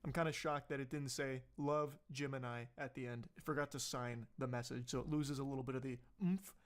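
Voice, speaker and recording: A man's voice: mid-range voice, steady tone, brisk. A young man giving casual, joking commentary on a news story, sarcastic and swearing freely. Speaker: commentary video host.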